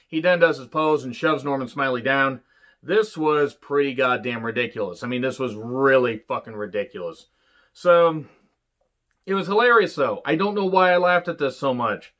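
A man's voice: mid-range voice, a bit bright, lo-fi sound. Blunt, profane man reviewing wrestling. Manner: blunt and profane, with quick mocking impressions. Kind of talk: casual solo review monologue.

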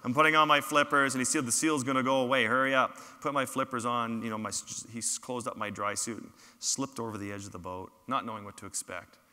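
A man with a bright, forceful voice tells his field stories to a lecture hall audience. His words ring out on a stage microphone with a long reverb trailing after them. His humor is self-deprecating. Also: mid-range voice, fairly quick, hardly any pauses. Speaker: photographer giving a public talk. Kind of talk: storytelling lecture with slides.

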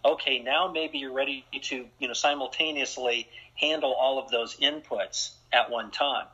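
A man who works as a strength and conditioning coach, a guest in an interview, explaining his views in a measured way. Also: medium pitch, fairly even intonation, pushed and bright, husky. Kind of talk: interview conversation. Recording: dull lo-fi sound.

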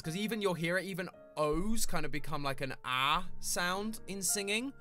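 A man's voice: on the high side, lively intonation, normal speed, sharp tone, soft background music. A young British man chatting casually with his live chat as a streamer, rambling and friendly in a small home room. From Britain.

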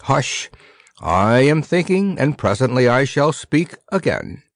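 A man's voice: mid-range voice, sing-song, takes it slowly, no echo. Pudge, a pompous old wise man, as a man reads him. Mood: solemn. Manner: solemn, self-important pronouncements.

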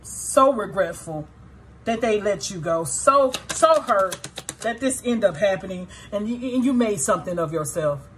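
A woman's voice: mid-range voice, lively intonation, unhurried, a bit bright, a little hiss or hum. A woman giving a tarot reading to her viewers, blunt and often profane, swinging between sorrow and indignation as she talks straight to the audience. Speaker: tarot reader.

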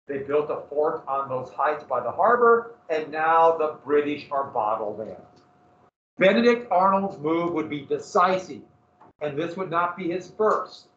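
Animated male teacher in an echoey classroom. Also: sits high, slight background noise. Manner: animated storytelling, asks the class questions. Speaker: history teacher. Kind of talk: classroom lecture. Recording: roomy, distant, dull classroom recording.

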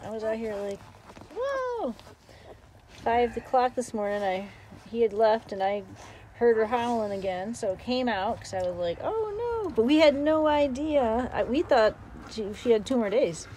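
A woman hosting a casual vlog about her dog's new litter, chatting on and off and cooing at the puppies in high baby talk. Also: lively intonation, normal speed, a little mellow, a little hiss or hum. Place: beside a whelping area at home.

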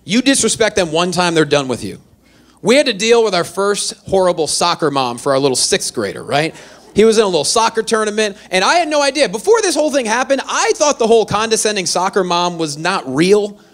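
A man performing a stand-up comedy set, telling animated, self-deprecating stories. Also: high voice, a little fast. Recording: live venue with faint audience.

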